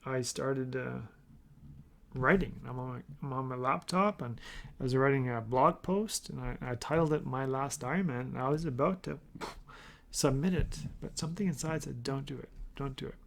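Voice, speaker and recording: Gravelly-voiced man hosting a podcast. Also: medium pitch, moderate pace. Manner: earnest, rambling with restarts, acts out his inner voice. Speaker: podcast host. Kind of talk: casual motivational podcast talk.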